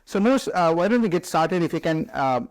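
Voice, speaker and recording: A man's voice: fairly high pitch, expressive, fairly quick, no room sound. A man hosting a podcast interview, asking questions and adding conversational advice to his audience. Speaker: podcast host.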